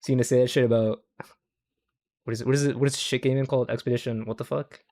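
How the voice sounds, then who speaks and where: A man's voice: medium pitch, fairly even intonation, very fast, dark tone. A young man hosting a livestream, reacting to clips in casual, profane commentary. He rambles, keeps tagging lines with "okay?", and laughs at his own jokes.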